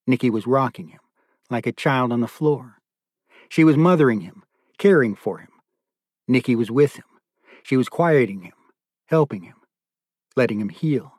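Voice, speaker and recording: A man narrating an audiobook in a steady, subdued storytelling manner. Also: medium pitch, normal speed, dry recording, clean studio sound.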